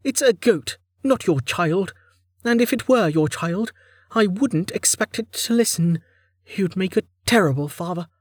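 High-pitched dry scold, weary tone, read by a male narrator. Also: animated, unhurried, slightly rough, dry recording, exaggerated voice. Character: tired, sharp-tongued companion.

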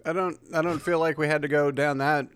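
A man's voice: fairly high pitch, fairly even intonation, a little fast, a bit bright, clean tone, dry recording. A man chatting on a podcast, reacting with incredulous, swearing outbursts. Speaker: podcast co-host. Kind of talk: casual chat.

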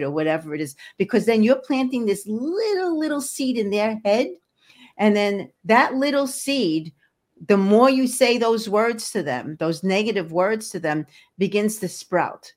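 Speaking at a measured pace with a medium-pitched, expressive voice, a woman appears as a podcast interview guest. An energy healer and hypnotherapist, she offers earnest encouragement and keeps restarting her thoughts.

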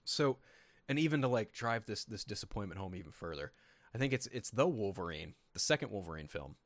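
A man talking on a podcast in a lively, swooping voice, swearing freely and slipping into voiced quotes as he tells stories. He sounds close and dry on the mic, with no room around him. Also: lowish voice, fairly quick, no echo. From Sacramento, California. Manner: animated, profane storytelling with lots of voiced quotes. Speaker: podcast co-host. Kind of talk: casual chat.

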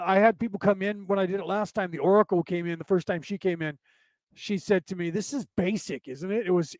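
A man's voice: sits high, a little mellow, dry recording. A man hosting a casual spiritual talk show, rambling, repeating himself and often asking "right?" as he reads comments from his listeners. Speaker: podcast host.

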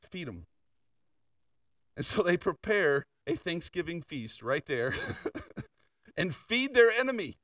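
A man's voice: high voice, sing-song, slow pace, long pauses, fairly bright tone, no room sound, clean studio sound, recorded from a distance. An older man preaching a sermon in a conversational storytelling way, full of asides and questions to the congregation. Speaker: pastor.

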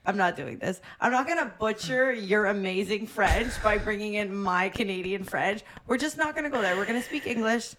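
A woman hosting a casual interview podcast, who laughs often and reacts quickly. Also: mid-range voice, fairly bright tone, a little hiss or hum. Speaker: podcast host.

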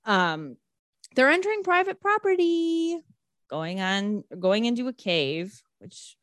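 Animated woman recapping a movie, dry sound. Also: on the high side, takes it slowly, dry recording. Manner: animated, swearing, acting out characters in quotes. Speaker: podcast co-host recapping a movie. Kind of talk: casual chat.

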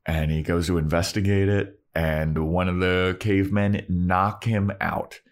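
Low-voiced man retelling an episode. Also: unhurried. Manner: animated, acts out characters. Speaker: podcast co-host. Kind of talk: casual episode recap.

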